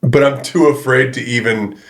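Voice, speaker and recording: A young man co-hosting a casual podcast, self-mocking and quick to laugh. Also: medium pitch, fairly even intonation. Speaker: podcast co-host. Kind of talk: casual chat.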